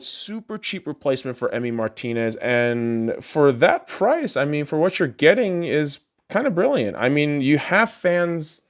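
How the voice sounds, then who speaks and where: A man hosting a podcast rants about sports casually and with plenty of profanity, laughing often. He alternates between low mutters and high, excited outbursts, and his voice has a clean tone.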